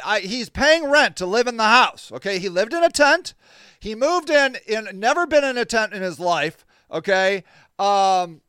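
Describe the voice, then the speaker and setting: A man with a high, smooth voice tells a story casually and with a lot of energy. He sounds exasperated, swears freely and laughs now and then. The sound is dry and close, with no room echo. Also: fairly bright tone. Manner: laughs between lines. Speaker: podcast host.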